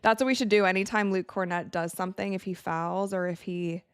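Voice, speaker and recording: A young woman from Wisconsin hosting a live game watch party, chatting casually and reacting excitedly to plays as she talks. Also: mid-range voice, fairly quick, clean tone, dry recording. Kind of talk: live casual commentary to chat.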